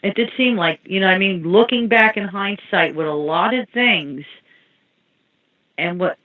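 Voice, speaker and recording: A woman's voice: mid-range voice, a little slow. A woman telling rambling anecdotes in casual chat. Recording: tinny phone-like line.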